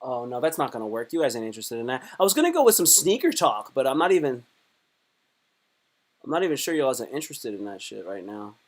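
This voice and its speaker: A man's voice: medium pitch, sing-song, quick pace. A man doing a casual comedy live stream, talking in a rambling, crude, joking way.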